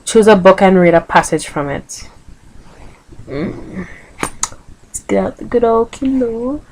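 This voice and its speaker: A woman's voice: medium pitch, expressive, slow, a little mellow, a little hiss or hum, poor audio. A woman with a Vincentian accent chatting casually in a vlog, hesitant, with many ums, on a computer microphone. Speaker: vlogger. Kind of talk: casual accent tag video.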